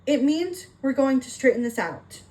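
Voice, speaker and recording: A woman reading a gentle, reassuring merman dad. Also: high voice, sing-song, moderate pace, pitched above the performer's own voice. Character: gentle protective merman father.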